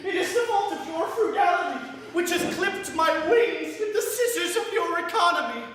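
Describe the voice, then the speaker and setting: A woman's voice: very high voice, expressive, moderate pace, fairly bright tone. A woman playing a fumbling servant-cook. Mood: boastful. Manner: hesitant, stalling with fillers. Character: nervous, scheming male servant-cook. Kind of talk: stage comedy performance. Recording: echoey stage, far from mic.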